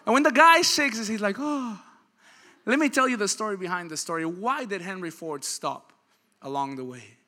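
With brisk delivery and lively intonation, a pastor in his thirties uses his high, tense, very bright voice to preach. The sermon moves from soft storytelling to loud, pushing high points, and he impersonates the figures in his stories.

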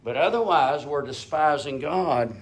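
A man preaching a sermon with fervor, asking his listeners question after question and swinging from loud, high peaks down to low, quiet asides. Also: a little slow. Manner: fervent, rises to high shouting peaks then drops low; asks the congregation rhetorical questions.

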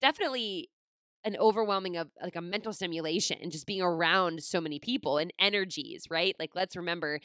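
A woman in casual personal storytelling as a podcast host, chatty and rambling with lots of "like," and expressive, self-deprecating asides. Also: lowish voice, a little fast, no room sound. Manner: chatty, rambling, heavy use of "like".

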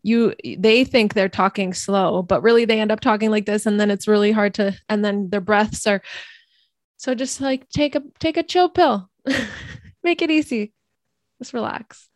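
A woman's voice: mid-range voice, measured pace, no room sound, clean studio sound. A woman co-hosting a podcast, chiming in with upbeat, encouraging advice and easy laughs. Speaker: podcast co-host. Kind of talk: casual podcast chat.

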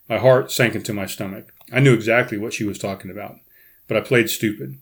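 A man, host of a podcast, reading his own memoir chapter aloud with dramatic dialogue and quiet offhand asides. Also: fairly quick. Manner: animated, pitch jumps up in quoted dialogue, quiet asides.

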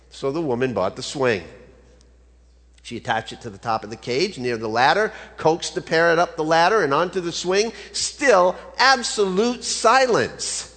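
Man, pastor, storytelling sermon, conversational, somewhat high voice, long church reverb. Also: animated, moderate pace, a bit bright. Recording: long reverb of a large hall.

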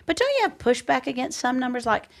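A woman co-hosting a podcast, speaking in a gentle, unhurried and wry way. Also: sits high, very animated, creaky, dry recording, clean studio sound. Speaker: podcast co-host. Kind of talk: casual podcast chat.

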